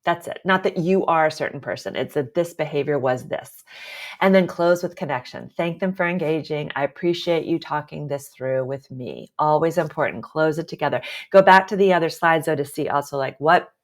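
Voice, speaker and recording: A woman with a low voice coaching on leadership, walking through slides in a calm and deliberate way. She stays steady and clear, and now and then breaks in with a light, friendly aside. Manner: calm, deliberate, with warm asides and quick laughs. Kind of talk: presentation with slides.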